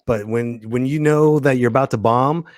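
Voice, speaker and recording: A man hosting a casual podcast, a relaxed and encouraging interviewer. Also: mid-range voice, moderate pace, dry recording, clean studio sound. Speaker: podcast host.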